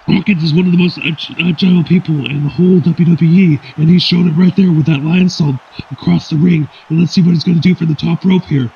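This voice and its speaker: A man with a fairly high voice calls wrestling play-by-play, breaking into sudden shouted outbursts. The recording sounds dull and lo-fi, with a faint hiss behind him. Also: fairly even intonation, brisk, vocal fry. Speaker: wrestling commentator. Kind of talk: play-by-play commentary.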